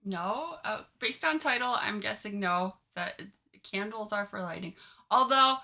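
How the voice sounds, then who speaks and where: A woman's voice: medium pitch, measured pace, bright, forceful tone. A woman co-hosting a podcast, chatting and joking as she reacts to online stories, giggling often. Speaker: podcast co-host. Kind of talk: casual chat reading online stories.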